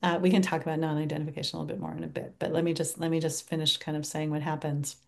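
A woman giving a reflective teaching talk on mindfulness, turning gentle and soft when she models kind self-talk. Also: deep voice, level tone, rapid-fire, creaky. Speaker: meditation teacher.

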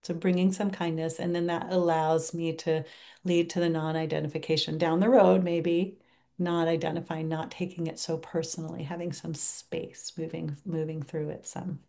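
Gentle soft-spoken woman teaching mindfulness. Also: sits low, flat delivery, moderate pace, creaky. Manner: gentle, reflective, softens to near-whisper when modeling self-talk. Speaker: meditation teacher.

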